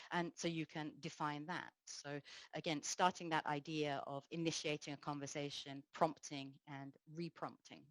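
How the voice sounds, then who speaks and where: A woman speaker explaining a technical topic at a conference, pausing often with "uh" fillers. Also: deep voice, fairly even intonation, dry recording, low-quality recording.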